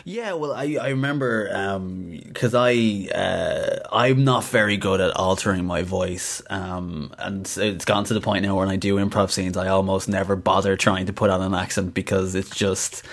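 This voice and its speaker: A man's voice: low voice, steady tone, normal speed, hardly any pauses. A man hosting an interview, chatting casually with frequent fillers and easy laughter.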